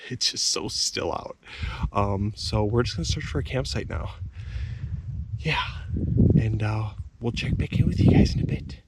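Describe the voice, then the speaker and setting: A young man vlogging outdoors by a lake at night, talking to the camera in a hushed, easygoing way. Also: moderate pace, pauses often. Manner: hushed and easygoing, then excited high baby talk to his dog. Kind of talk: casual narration to camera. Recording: distant camera mic, loud outdoor noise.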